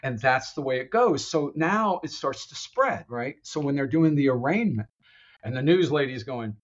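A man pitching his own screenplay in casual chat, animated and laughing often as he acts out the dialogue. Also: normal speed, dull audio.

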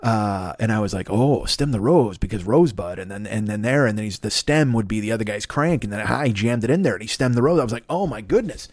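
Fast-talking crude older man podcaster. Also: lowish voice, lively intonation, no room sound, clean studio sound. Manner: rambling, crude, self-mocking riffs. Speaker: podcast host. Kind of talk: profane solo podcast monologue. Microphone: desk mic plugged into laptop.

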